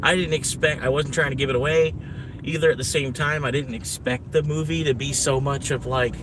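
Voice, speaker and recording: A man's voice: medium pitch, steady tone, brisk, background noise. A man chatting casually on a live stream while driving deliveries, rambling with lots of fillers. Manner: rambling, laid-back, full of fillers. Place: inside a car on delivery runs.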